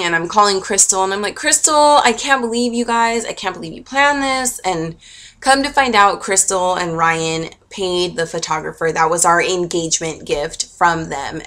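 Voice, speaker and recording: A woman's voice: on the low side, pushed and bright. A young woman vlogger telling a personal story in a gushing, emotional, chatty way with lots of fillers. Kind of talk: casual storytelling to camera.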